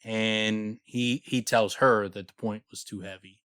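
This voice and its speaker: A low-voiced man co-hosting a casual book podcast, talking in an animated, sarcastic way and swearing freely. The recording sounds dry and close, with no room echo. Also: unhurried, clean tone. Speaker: podcast co-host. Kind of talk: casual book discussion chat.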